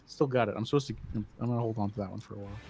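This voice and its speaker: A man's voice: lowish voice, fairly even intonation, very fast, creaky. Chatty man over a noisy call. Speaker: panelist. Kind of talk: casual panel chat on a video call.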